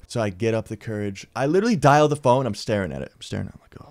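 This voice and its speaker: A man's voice: lowish voice, animated, rapid-fire, gravelly, few pauses, a little mellow, no echo, clean studio sound. A young man in his twenties telling a story in a casual vlog, rambling and laid-back, swearing often and calling people dude.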